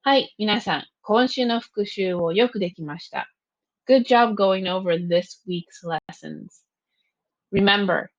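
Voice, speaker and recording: Slow, clear woman teacher, muffled sound. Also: fairly low pitch, no room sound. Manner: slow, clear teacher delivery, pausing between words and translations. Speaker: Japanese teacher. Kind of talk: recorded vocabulary review lesson.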